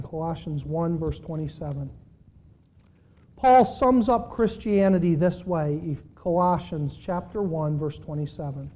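A male pastor preaching a sermon. He speaks conversationally, questions the congregation directly, and swings between quiet and loud. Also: high-pitched, dull audio. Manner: dramatic, with big swings in loudness.

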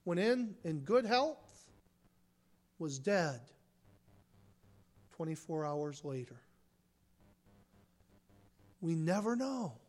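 A man preaching a sermon as a pastor, swinging between hushed, quiet stretches and forceful, rising emphasis. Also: fairly high pitch, big pitch swings, extremely slow, long pauses.

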